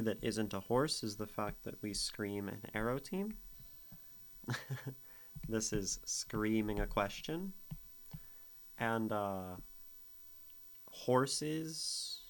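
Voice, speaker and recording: A man's voice: fairly low pitch, animated, drawn-out words, long pauses. A man streaming as host, casually critiquing a poem and humming out its rhythms, often laughing. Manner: explains rhythm by vocalizing beats, laughs often. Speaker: streamer reading and critiquing poetry. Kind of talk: casual chat.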